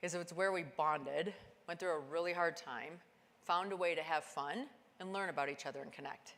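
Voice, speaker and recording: A woman giving a keynote talk, telling a climbing story and acting out the dialogue with lively, animated delivery. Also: normal speed. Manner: animated, acts out dialogue with big pitch jumps. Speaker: keynote speaker. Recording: long hall reverb.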